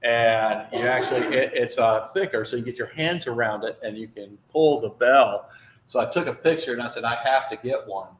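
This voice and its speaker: A man's voice: mid-range voice, normal speed, a little hiss or hum. A man, a priest, telling a church group a rambling, chatty travel story with lots of fillers. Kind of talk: informal talk to a congregation with slides. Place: church hall. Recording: echoey room, faint ambience.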